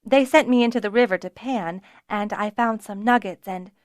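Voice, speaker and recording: A woman's voice: medium pitch, moderate pace, no room sound, studio quality, natural voice. A woman voicing a plucky, frank young noblewoman dragonrider with a good-humored manner. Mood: earnest.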